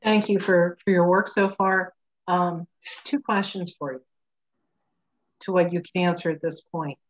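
A woman on a video call asking two measured, methodical questions. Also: on the low side, steady tone, lo-fi sound. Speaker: meeting participant asking questions. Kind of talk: meeting discussion.

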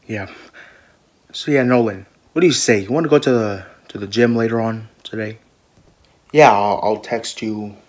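A man voicing an improvised comedy skit, talking softly with mumbled, halting restarts. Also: fairly low pitch. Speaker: creator voicing all characters.

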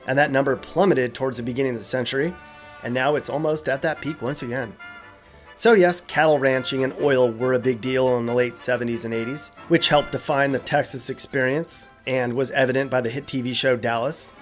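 A man narrates a scripted explainer in a casual, joking tone. His voice sits in a middle pitch, and he drops wry asides between facts. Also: fairly even intonation, brisk, faint music behind. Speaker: host.

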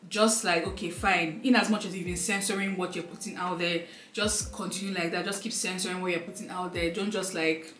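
A woman's voice: fairly low pitch, steady tone, a little fast, hardly any pauses, fairly bright tone, reverberant. A young woman giving an emotional sit-down life update, rambling with many fillers and close to tears. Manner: rambling, filler-heavy, heartfelt. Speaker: lifestyle vlogger.

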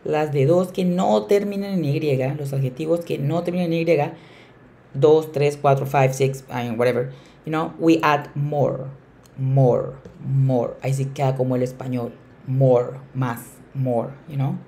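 A woman's voice: deep voice, fairly even intonation, moderate pace, mellow, a little hiss or hum. Emphatic woman teacher repeating key words. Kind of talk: bilingual classroom explanation.

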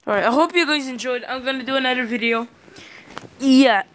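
Over a shooter game, a teenage boy who runs a gaming channel offers casual commentary in a very high, fairly quick voice. He yelps and shouts at the action, cracking when he yells, and stumbles over fillers when addressing viewers.

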